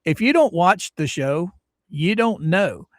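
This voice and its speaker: A man's voice: sits high, sing-song, slow pace, no room sound, clean studio sound. A man hosting a livestream, chatting casually in a rambling, joking way and laughing often. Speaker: livestream host. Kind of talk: casual commentary chat.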